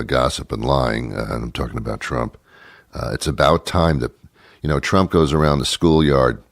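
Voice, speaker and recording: A man's voice: a bass voice, dry recording, studio quality. A man hosting a talk show, ranting sarcastically in a comic monologue. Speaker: radio talk show host.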